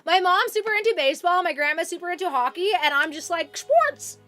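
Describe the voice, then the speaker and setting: Bright, high-voiced woman streamer. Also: quick pace, faint music behind. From Canada. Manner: chatty, full of fillers and restarts, giggly. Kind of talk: casual live-stream chat with viewers.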